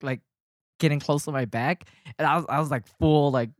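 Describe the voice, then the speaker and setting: Brief: storytelling podcast guy, animated and profane, mid pitch, dry close sound. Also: a little fast, dry recording. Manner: animated, swearing, laughs often, gets loud when worked up. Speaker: podcast co-host telling a story. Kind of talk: casual chat.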